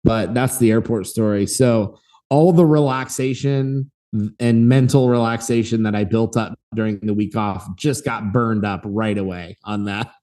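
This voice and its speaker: Animated man telling a story. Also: fairly low pitch, moderate pace. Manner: animated, acts out voices in his story. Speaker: podcast co-host. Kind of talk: casual storytelling.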